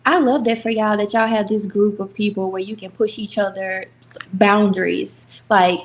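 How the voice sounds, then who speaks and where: A woman's voice: mid-range voice, fairly even intonation, moderate pace, slight background noise. A woman hosting an interview, asking questions with enthusiasm. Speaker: podcast host. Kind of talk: casual interview chat.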